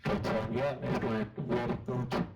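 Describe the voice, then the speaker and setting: A man's voice: medium pitch, flat delivery, a little slow, a little mellow, roomy sound, faint music behind, low-quality recording. A man guesting on a chat radio show over an online call, answering hesitantly with many fillers. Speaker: guest campaigner.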